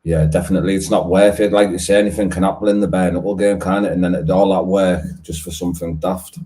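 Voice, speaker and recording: Laid-back low-voiced host. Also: male voice, fairly even intonation, fast, warm tone. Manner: friendly banter, calls people mate, laughs often. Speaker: podcast host. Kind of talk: casual interview chat.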